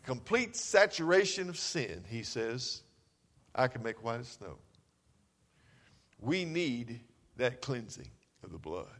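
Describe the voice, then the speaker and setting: A man preaching a sermon, swinging between loud, urgent calls and low, quiet passages. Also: very animated, slow pace, long pauses, long reverb tail.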